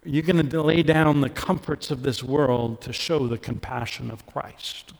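Earnest in his sermon, a middle-aged pastor from Canada lifts his voice to stress points and drops it low for personal moments. He has a gravelly, mid-range voice with fairly even intonation and an unhurried pace, heard through long hall reverb.

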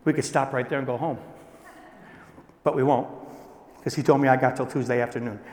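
A man preaching a sermon to a congregation in a conversational style, moving between loud emphasis and hushed asides. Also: medium pitch, fairly even intonation, brisk, in a large hall, slight background noise. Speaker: pastor.

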